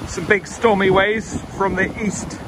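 A man giving a relaxed, explanatory walking commentary while fossil hunting outdoors on a beach. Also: high-pitched, unhurried. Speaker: fossil hunter vlogger. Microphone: camera mic, wind noise. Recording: wind noise on an outdoor mic.

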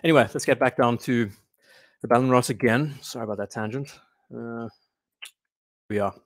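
A man's voice: medium pitch, moderate pace, dry recording. A man hosts a casual livestream about watches, rambling and thinking aloud as he goes. He reads out and answers chat comments between his own remarks. His voice is recorded close and dry, with no room sound around it. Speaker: watch channel host.

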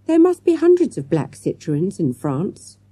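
A woman's voice: mid-range voice, huge pitch swings, unhurried, mellow, husky, dry recording, voice pushed up, full character voice. A woman reading an audiobook, voicing a doubtful schoolboy who talks in a hesitant, questioning way.

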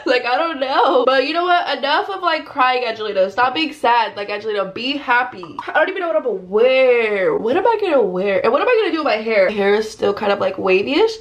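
A woman's voice: a little high, animated, quick pace, hardly any pauses, muffled recording. Anxious rambling young woman. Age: young adult. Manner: rambling, anxious, slangy, says "like" constantly. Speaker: vlogger. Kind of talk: casual get-ready-with-me vlog chat. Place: bedroom at home.

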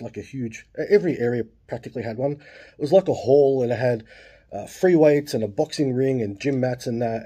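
Dark, husky Australian man telling a story. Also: medium pitch. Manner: swears freely, lots of asides and fillers. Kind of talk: casual storytelling.

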